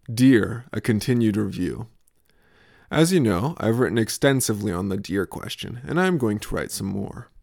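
A young man hosts a podcast and reads his own comic family stories in a deadpan storyteller's voice. His low voice has a gravelly edge, and his delivery bounces around with a lot of melodic swing. The sound is dry and close, with no room in it. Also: dry recording. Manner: absurd deadpan humor in a storytelling voice. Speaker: podcast host. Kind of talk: scripted comic newsletter reading.

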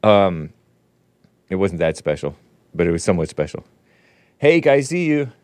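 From his Los Angeles home studio, this middle-aged show host runs his livestream in a loose, rambling way, throwing in jokes. He speaks at normal speed in a low, sing-song voice with a darkish tone and no echo.

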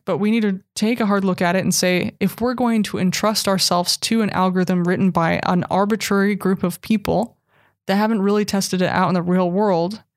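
A woman guest talks in a casual, animated way, spinning stories with wry asides. Her pitch sits in an ordinary middle range. The recording is dry and close. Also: no room sound. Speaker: guest, cyborg anthropologist. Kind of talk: casual interview talk.

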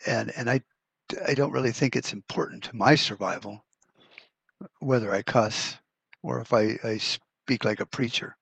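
A man's voice: medium pitch, moderate pace, gravelly, a bit bright, breathy edge, no room sound. A man hosting a prepper podcast, talking in a blunt, profane, rambling way with many restarts. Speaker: podcast host. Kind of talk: casual rant podcast.

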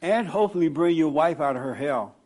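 Male preacher, fairly high voice, animated storyteller, counseling a congregation. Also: brisk. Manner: animated, storytelling, laughing at own stories. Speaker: pastor. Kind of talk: sermon with audience counseling.

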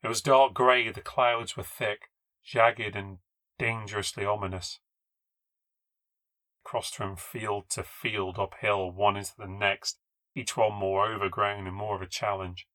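A man reading a first-person ghost story aloud for a podcast, in a measured, low-key storytelling voice that lifts at tense moments. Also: level tone, bright, forceful tone, dry recording.

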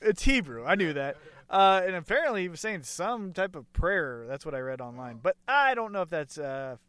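A man's voice: sits high, big pitch swings, moderate pace, fairly bright tone, clean tone. A man co-hosting a wrestling podcast, chatting casually and joking with crude trash talk. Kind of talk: casual chat.

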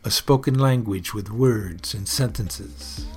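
A man's voice: lowish voice, takes it slowly, a little mellow, faint music behind. A man hosting his own personal report, musing aloud in an earnest, casual monologue.

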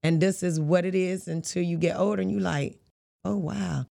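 A woman's voice: on the low side, fairly even intonation, fairly quick, gravelly, warm tone. A woman, a boxer as guest, telling her life story frankly in casual, vernacular speech. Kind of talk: candid interview storytelling.

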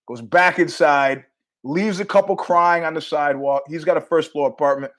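A man's voice: a little high, moderate pace. A man hosting his own podcast, telling a story casually and animatedly, acting out the people in it. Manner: animated, acts out quoted voices, laughs at his own story. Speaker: podcast host.

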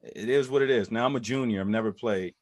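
Medium in pitch and fast-talking, this ex-NFL running back in his thirties tells a story as a podcast guest. He's lively, delivering other people's quotes in raised voices. The sound is clean studio audio with no echo.

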